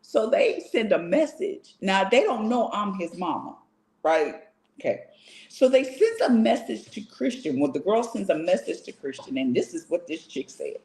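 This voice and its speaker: A woman's voice: medium pitch, normal speed, reverberant. A woman co-hosting a casual live talk show, telling stories and acting out the voices of others. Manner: animated storyteller, acts out voices. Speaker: podcast co-host. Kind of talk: casual chat.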